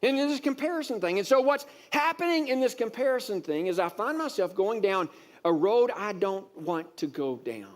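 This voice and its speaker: Male pastor, higher register; preaches through a personal story, building to emphatic exasperated peaks. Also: moderate pace. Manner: storytelling, grows animated and exasperated with rising emphasis; many fillers and repeated words. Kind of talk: sermon.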